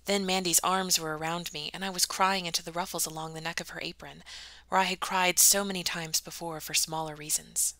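A woman reading a novel aloud in a bright, crisp voice, sitting slightly low in pitch. The sound is dry and close, and she drops in casual, self-deprecating asides. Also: steady tone, fairly quick, dry recording. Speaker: audiobook reader.

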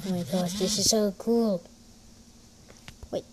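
A woman giving excitable, giggly commentary while playing a game. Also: mid-range voice, slow pace, slightly rough. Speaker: gamer. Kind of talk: gameplay commentary.

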